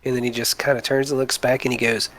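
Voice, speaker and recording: A man acting as dungeon master in a tabletop game, talking in a hesitant way with many pauses and fillers. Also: mid-range voice, flat delivery, a bit bright. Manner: hesitant, lots of ums and restarts. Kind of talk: running a tabletop game over voice chat.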